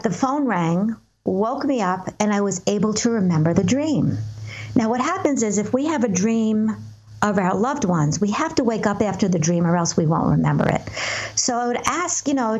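A woman, a guest medium, answering interview questions and telling stories in a calm, earnest, measured way. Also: medium pitch, dull audio.

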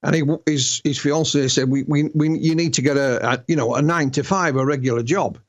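A man from Yorkshire, England, an author, tells stories as a guest in an interview conversation, often restarting his words. He speaks with a Yorkshire accent in a fairly high, steady voice, a little fast.

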